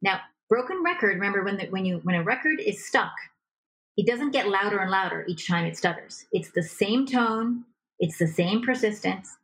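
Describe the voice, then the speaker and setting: A woman coaching on relationships as a guest in an interview, lively and acting out example dialogue as she explains. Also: mid-range voice, normal speed, rough recording. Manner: animated, acts out example dialogue. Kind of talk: conversational advice in a podcast interview.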